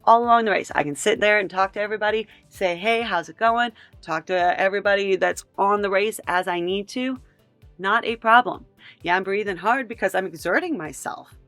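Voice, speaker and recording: A woman's voice: medium pitch, moderate pace, fairly bright tone, no echo, faint music behind. A woman hosting a reaction video, talking in an exasperated, incredulous and emphatic way. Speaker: commentary host. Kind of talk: reaction commentary.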